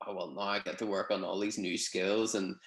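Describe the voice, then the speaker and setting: A young man from Northern Ireland with a Northern Irish accent, chatting in a relaxed, rambling way with many fillers on a video call. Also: sits low, fairly quick, echoey room, rough recording. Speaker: guest, gymnast. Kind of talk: casual interview over video call.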